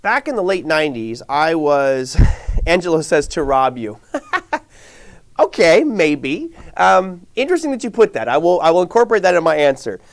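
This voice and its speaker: A man's voice: on the high side, brisk. A man teaching a live online trading class, talking casually and answering viewers' chat questions. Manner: conversational, reads viewer chat aloud; animated, rhetorical questions. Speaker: trading instructor.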